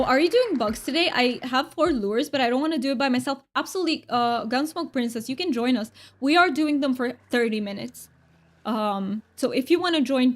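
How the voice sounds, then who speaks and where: Chatty woman streamer, slightly high voice. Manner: chatty, answers chat viewers. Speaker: game streamer. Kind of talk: casual livestream chat.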